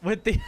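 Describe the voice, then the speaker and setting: A young man streaming a game, chatting casually with his chat, laughing often and musing aloud about how words are pronounced. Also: slight background noise. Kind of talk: casual livestream chat while gaming.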